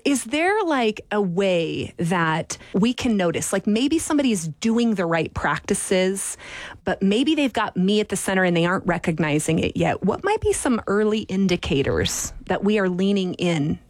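A woman's voice: medium pitch, big pitch swings, normal speed, dry recording. A woman hosting an interview, attentive and affirming as she asks questions. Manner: attentive, affirming, with short backchannels. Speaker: interviewer, host. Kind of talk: conversational interview.

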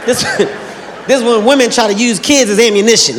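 Brash high-voiced stand-up man. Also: normal speed, background noise. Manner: brash, profane, acts out scenes. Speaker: stand-up comedian. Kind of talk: stand-up comedy. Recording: reverberant venue with crowd.

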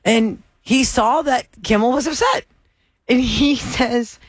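Animated woman co-host telling stories. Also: a little high, slow pace, breathy edge. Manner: animated storyteller acting out quotes. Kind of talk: casual chat.

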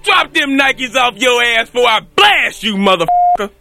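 A man's voice: very high-pitched, sing-song, moderate pace, vocal fry, pushed and bright, soft background music, full character voice. Man playing a brash street-slang teacher.

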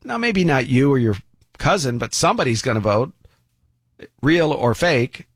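A man's voice: medium pitch, big pitch swings, normal speed, slightly rough, no echo. A man giving an opinion commentary monologue in a folksy, sarcastic way with many asides.

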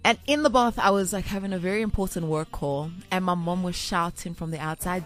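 A woman hosting a radio show, chatting casually and telling stories in an animated way. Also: on the low side, fairly quick, hardly any pauses, faint music behind. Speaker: radio host. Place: radio studio.

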